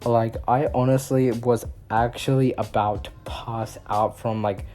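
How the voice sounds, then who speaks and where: A man's voice: mid-range voice, fairly even intonation, unhurried, dark tone, faint music behind. A young man vlogger telling a story in a rambling way, full of fillers. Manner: rambling, filler-heavy casual talk. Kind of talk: storytime vlog.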